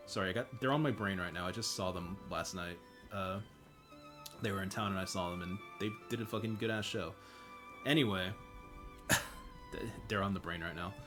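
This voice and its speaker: A man's voice: sits low, normal speed, long pauses, fairly bright tone, faint music behind. Swearing, rambling male game streamer. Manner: rambling, swearing, self-mocking asides. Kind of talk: casual gameplay commentary.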